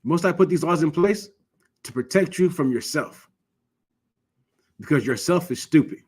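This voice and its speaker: A somewhat high-voiced man from Michigan teaching scripture in an easy, informal way. He presses his points earnestly, repeating words as he restarts his sentences. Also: lively intonation, normal speed, slightly rough. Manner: earnest, exhortative, frequent restarts. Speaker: religious law teacher.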